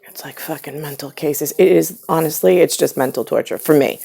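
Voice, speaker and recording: A woman's voice: low voice, brisk, creaky, hardly any pauses, warm tone, slightly rough. A woman vlogging in a rambling solo monologue, drifting between scattered thoughts with many fillers and heated, swearing outbursts.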